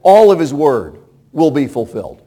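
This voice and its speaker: High-voiced man preaching a sermon. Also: big pitch swings, moderate pace, dark tone, slightly rough. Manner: emphatic, with rhetorical questions.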